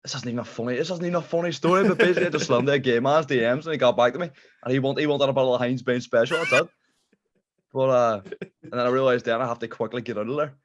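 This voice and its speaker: A man's voice: mid-range voice, very fast. A young man with a Derry accent, guesting on a podcast in a laid-back, rambling chat full of swearing. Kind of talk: casual chat. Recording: muffled lo-fi podcast audio.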